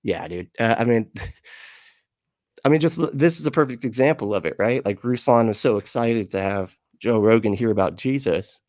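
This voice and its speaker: A man's voice: mid-range voice, lively intonation, moderate pace, darkish tone, no echo, clean studio sound. A man hosting a livestream and reading out his chat, rambling and laughing often as he swears casually.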